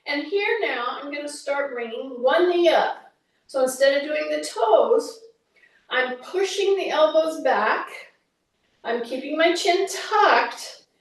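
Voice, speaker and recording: A woman with a high voice leads a workout, coaching in an unhurried, chatty way with the odd teasing aside. She sounds some way off from the mic in a very echoey room. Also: distant mic. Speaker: fitness instructor. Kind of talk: workout instruction.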